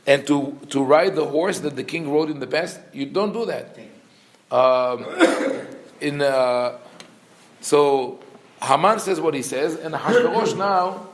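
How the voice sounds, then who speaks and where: Rabbi teaching a scripture class. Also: male voice, on the high side. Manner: explains with dry humor and frequent fillers; reads verses quickly in a chant. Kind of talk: Torah class lecture.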